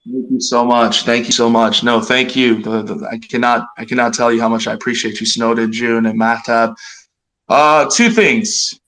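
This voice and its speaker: A man's voice: mid-range voice, fairly even intonation, normal speed, fairly bright tone, poor audio. Blunt guy hosting a live chat, fired up, repeats himself, mid voice. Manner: blunt, passionate, repetitive. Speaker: host. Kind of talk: casual live audio-room talk.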